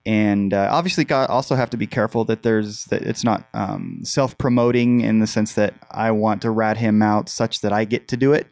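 A man with a fairly low voice co-hosting a podcast. He talks through advice in a measured, thoughtful way with a few fillers. The recording is dry and close. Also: steady tone, darkish tone, dry recording. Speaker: podcast co-host. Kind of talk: casual advice chat.

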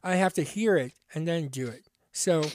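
American man, comedy podcast host, halting self-deprecating talk, high voice, dry sound. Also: darkish tone, no room sound. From United States. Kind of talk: casual comedy podcast banter.

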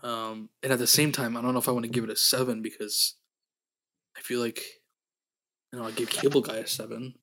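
A man's voice: medium pitch, flat delivery, brisk, long pauses, bright, forceful tone. Hesitant, laughing young man. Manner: hesitant, laughs often, casual. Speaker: movie review podcast co-host. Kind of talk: casual chat.

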